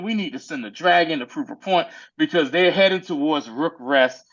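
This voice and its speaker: A man with a fairly high voice chats loosely about a TV episode, full of slang and quick acted-out lines from the characters. The sound is dull and lo-fi, like a cheap podcast setup. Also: fairly bright tone. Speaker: podcast co-host recapping a TV episode. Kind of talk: casual chat.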